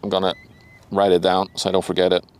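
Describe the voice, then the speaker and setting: This young Dutch-accented livestream host talks fast in a low, clear, resonant voice on a dry recording, chatting casually with viewers outdoors by a river. He's relaxed and sociable, laughs often, addresses chat by name, and occasionally lowers his voice so nearby people aren't disturbed.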